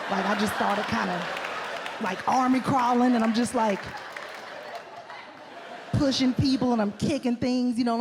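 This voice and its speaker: Woman comic, stand-up set, animated storyteller who acts out her quotes, stage mic with noise and audience laughter. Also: medium pitch. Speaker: stand-up comedian. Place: comedy club stage.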